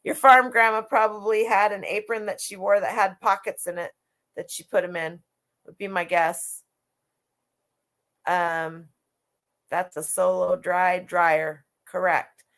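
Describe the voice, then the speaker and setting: A woman's voice: fairly low pitch, fairly even intonation, measured pace, a bit bright. A middle-aged woman who resells vintage clothing, chatting casually and rambling on a live stream with lots of restarts.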